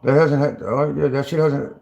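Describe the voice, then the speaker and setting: A man's voice: mid-range voice, fairly even intonation, normal speed, vocal fry, a little mellow, highs cut off. A man telling stories in rambling, profane casual talk, stammering and restarting often and breaking into laughter. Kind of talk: casual storytelling.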